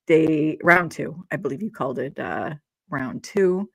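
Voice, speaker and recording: A woman's voice: deep voice, a little slow, gravelly, breathy edge. A woman co-hosting a casual podcast, giggling often and rambling with frequent restarts. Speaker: podcast co-host. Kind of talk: casual chat.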